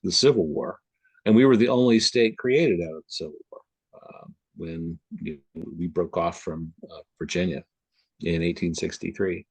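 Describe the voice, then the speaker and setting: A man's voice: deep voice, normal speed, breathy edge, no echo. A man from the Upper Midwest chatting as a guest on a video call, rambling with lots of fillers and restarts. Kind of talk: casual conversation on a video call.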